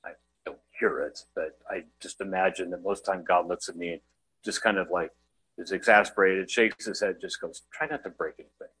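A middle-aged man preaching a sermon in a conversational, self-deprecating way with quick asides. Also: deep voice, steady tone, a bit bright, husky, poor audio. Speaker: guest preacher.

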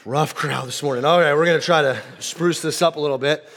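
A man preaching a casual sermon as pastor, nasal from a cold, relaxed and joking with many ums. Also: on the high side, fairly quick. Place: church auditorium.

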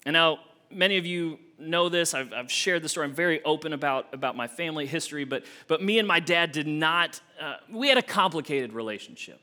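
A young adult man, an associate minister, preaching a sermon with expressive swings from emphatic to hushed. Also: a little high, fairly quick, few pauses.

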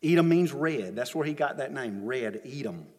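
A man's voice: medium pitch, lively intonation, moderate pace, darkish tone. A man preaching a sermon as a pastor, retelling the story with emphatic repetition, recorded in a church sanctuary with long reverb.

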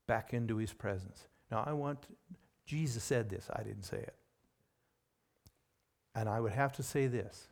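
A man preaching a sermon in an emphatic way, with sudden rises in pitch and loudness on key words.

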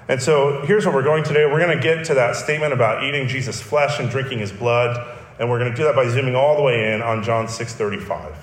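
Pastor, man, middle pitch, earnest teaching sermon, roomy reverberant sound. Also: a little hiss or hum. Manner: earnest teaching, emphatic repetition.

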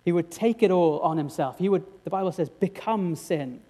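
A man's voice: high voice, expressive, normal speed, warm tone. A man preaching a sermon, earnest and direct, often asking his congregation rhetorical questions.

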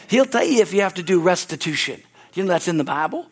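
Pastor, middle-aged man, high-pitched, fervent sermon with shouted calls. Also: lively intonation, quick pace, husky. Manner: fervent, repetitive, rises to shouting exhortations.

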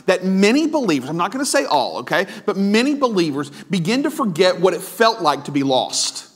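A man's voice: high voice, fairly bright tone. A male pastor giving a conversational sermon, full of asides, restarts and questions to the congregation.

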